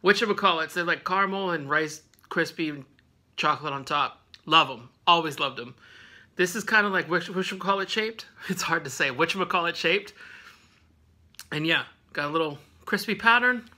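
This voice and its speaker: A man's voice: a little high, normal speed, bright, forceful tone. A man hosting a casual snack review vlog at home, rambling with lots of fillers and laughing often.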